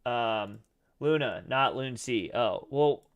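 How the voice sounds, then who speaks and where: Over phone-quality audio, a man with a mid-range voice speaks at normal speed while breaking down trading charts on a live stream. His delivery is loose, rambling and sprinkled with profanity and fillers. A scratchy throat makes his voice crack, and he clears it often.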